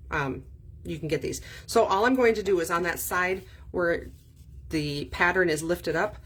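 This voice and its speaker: A woman's voice: deep voice, a bit bright, slight background noise. A woman chatting her way through a craft tutorial, thinking aloud with frequent ums. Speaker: card-making demonstrator.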